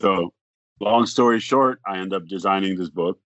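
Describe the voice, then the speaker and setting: Man, deep voice, casual storyteller, acts out quotes, dry muffled recording. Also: normal speed, a bit bright, no echo. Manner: rambling, acts out quoted dialogue, frequent "like". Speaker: podcast guest.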